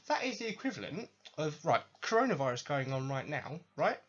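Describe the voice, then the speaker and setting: A man's voice: fairly high pitch, big pitch swings, brisk, hardly any pauses. A man hosting a podcast, ranting about video games in a sweary, sarcastic, exasperated way. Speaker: podcast host. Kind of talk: ranting video game commentary. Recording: dull lo-fi recording.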